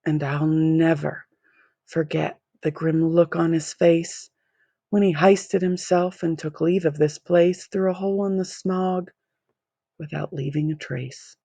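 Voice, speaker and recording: A woman reading a children's picture book aloud in an expressive, rhythmic way. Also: low-pitched, unhurried, gravelly, slightly rough, no echo. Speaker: storybook reader.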